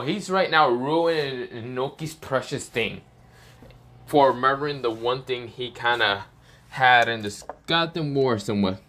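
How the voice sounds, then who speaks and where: A man's voice: mid-range voice, pushed and bright. A man casually telling an improvised fan story, rambling and swearing, full of fillers and self-corrections.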